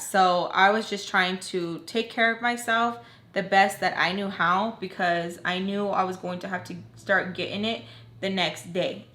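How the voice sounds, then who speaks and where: A woman's voice: lowish voice, a bit bright. Blunt young woman telling a storytime. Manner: candid and blunt, swearing freely. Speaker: storytelling vlogger. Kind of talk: casual storytime. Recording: roomy echo.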